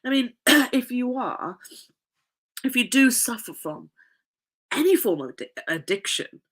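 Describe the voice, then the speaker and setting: A woman's voice: a little high, expressive, measured pace. A woman life coach in casual podcast chat, nasal and congested from a cough, rambling and laughing often.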